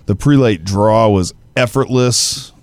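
Low-voiced man describing tasting notes. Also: slow, a little mellow, no echo. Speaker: podcast co-host. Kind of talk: casual chat.

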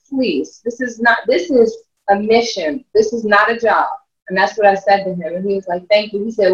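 A woman, a mother and life coach, telling stories in an interview, animated and often laughing as she acts out what others said. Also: fairly high pitch. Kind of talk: storytelling interview chat. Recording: roomy, distant, dull lo-fi sound.

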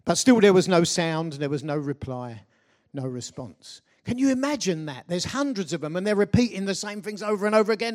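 A man with a somewhat high voice delivers a sermon in an easy, conversational way. He retells a scripture story and often turns to ask his listeners questions. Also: expressive, brisk, darkish tone. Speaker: preacher.

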